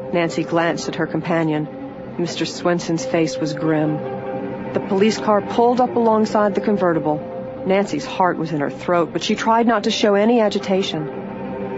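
Measured audiobook narrator. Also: mid-range voice, lo-fi sound. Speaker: audiobook reader. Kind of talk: scripted narration of a mystery novel.

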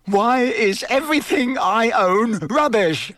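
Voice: medium pitch, very animated, unhurried, a bit bright, pitched above the performer's own voice. A man voicing a stubborn, complaining teenage boy. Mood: indignant.

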